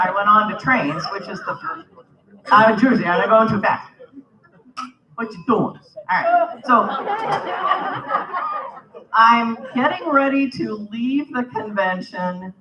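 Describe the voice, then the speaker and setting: A woman giving a humorous banquet speech, telling a story and acting out the other people's lines. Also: mid-range voice. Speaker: banquet speaker. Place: convention banquet hall. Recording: roomy, distant, slightly dull hall recording.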